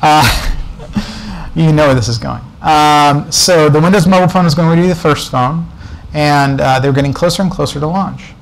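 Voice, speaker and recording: At a developer meetup, a man appears as a guest speaker and tells a casual, wandering story full of asides and jokes, the kind of anecdote you'd hear in a conference talk. His voice is a little high and gravelly, his speed normal, and the recording is rough. He's addressing an audience in a presentation room.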